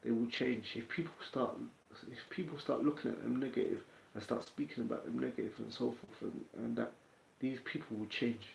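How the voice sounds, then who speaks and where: A man's voice: mid-range voice, a little fast, creaky, a little mellow, slight background noise. A man with a London accent hosting a casual livestream, chatting in a streetwise way and answering viewers' comments. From England. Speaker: livestream host. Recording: roomy, dull lo-fi sound.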